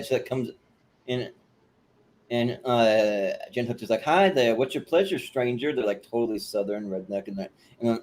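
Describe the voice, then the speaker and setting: A man's voice: mid-range voice, darkish tone, a little hiss or hum. A man co-hosting a podcast, casually recapping comedy sketches in a rambling way with many restarts. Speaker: podcast co-host.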